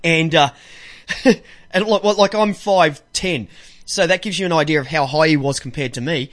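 Speaking at a moderate pace in a highish, somewhat bright voice, the Australian host banters casually on his radio show. Laughter punctuates his jokes, and he mimics voices when recounting anecdotes.

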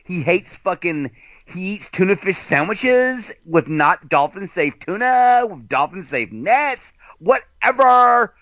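A man's voice: high-pitched, very animated, takes it slowly, sharp tone, dry recording. A man guesting on a casual radio talk show, mocking and profane, often slipping into silly voices. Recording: dull, dry lo-fi line.

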